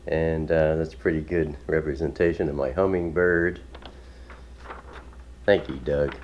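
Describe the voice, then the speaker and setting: A man's voice: a bass voice, steady tone, unhurried, darkish tone, lo-fi sound, a little hiss or hum. A man hosting his own video, chatting casually and rambling with chuckles and many fillers. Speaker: ministry video host. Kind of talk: casual home video chat.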